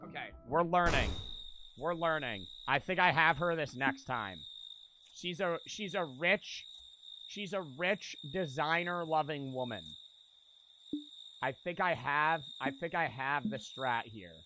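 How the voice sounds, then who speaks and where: A man's voice: a little high, measured pace, bright, forceful tone, slight background noise. A man giving casual gameplay commentary, joking, swearing freely and laughing at himself. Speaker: gaming streamer. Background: game music.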